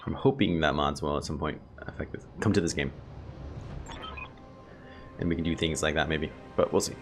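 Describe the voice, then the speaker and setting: Here a man with a bass voice speaks at a moderate pace as he hosts a casual let's play. Game music runs behind him while he chats with viewers and thinks out loud about the game he's playing.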